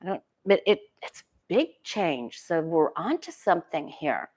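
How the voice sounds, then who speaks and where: A woman's voice: on the low side, big pitch swings, measured pace, a little mellow. Woman tarot reader, casual solo talk, muses aloud, self-questioning, frequent restarts.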